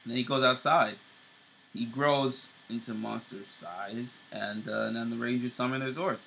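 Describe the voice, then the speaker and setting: Bright-voiced man recapping an episode. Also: medium pitch, fairly even intonation, moderate pace, creaky, a little hiss or hum, poor audio. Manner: recaps plot loosely, many fillers and restarts. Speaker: show co-host. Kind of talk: casual episode review.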